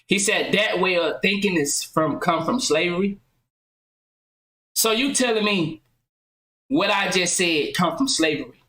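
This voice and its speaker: A woman hosting a podcast, talking loudly and passionately, firing off rhetorical questions in casual commentary. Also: fairly low pitch, a little slow, long pauses, reverberant, low-quality recording. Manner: loud, impassioned, rhetorical questions. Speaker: podcast host.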